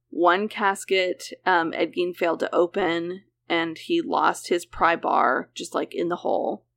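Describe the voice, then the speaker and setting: A woman with a lowish, fairly bright voice and vocal fry hosts a true crime podcast. She reads out case details in a conversational style, mixing in chatty asides and plenty of "like."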